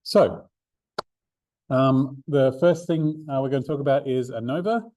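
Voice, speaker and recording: A man's voice: mid-range voice, unhurried, darkish tone, dry recording. A man, a maths learning centre coordinator, explains a revision seminar step by step with fillers and restarts. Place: room, drawing notes for an overhead camera.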